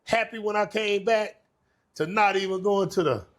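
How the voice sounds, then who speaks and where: A man's voice: high-pitched, normal speed. A middle-aged man from Texas with a Texan accent, telling stories as an interview guest in a laid-back way, often saying "man.". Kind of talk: casual interview storytelling.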